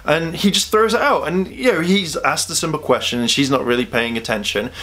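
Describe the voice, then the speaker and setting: Man, casual review, chatty, rambling, filler-heavy, slightly raised pitch. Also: fairly quick, pushed and bright. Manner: chatty, rambling, heavy use of "you know". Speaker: anime reviewer.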